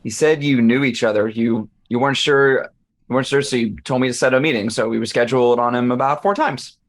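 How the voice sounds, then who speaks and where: A man's voice: medium pitch, brisk, natural voice. A man reading the part of an eager, put-upon young assistant in a play reading, stammering nervously.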